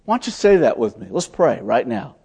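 A man preaching a sermon, telling stories as he teaches, swinging from loud emphatic lines to soft, hushed ones. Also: mid-range voice, big pitch swings, fairly quick, husky. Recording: long hall reverb.

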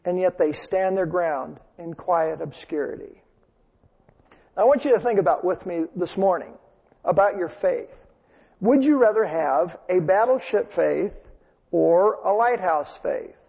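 Gravelly-voiced pastor preaching in a church. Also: male voice, high-pitched, lively intonation, a little slow, a little mellow, big-room sound. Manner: storytelling, earnest, uses repetition for emphasis. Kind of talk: sermon.

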